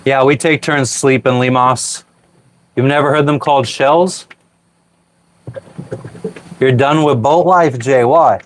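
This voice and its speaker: Man, mid pitch, casual and profane, live-stream chat, boat cabin, faint background hum. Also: steady tone, slow pace, long pauses. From Pennsylvania, US. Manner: loose and profane, answering viewers. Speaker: sailing vlogger reading live chat. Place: small boat cabin while cooking.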